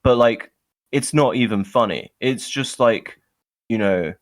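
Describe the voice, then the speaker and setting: A man's voice: mid-range voice, a little slow, dry recording. A young British man co-hosting a podcast, chatting casually and ranting in an opinionated, sardonic, rambling way. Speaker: podcast co-host. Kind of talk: casual chat.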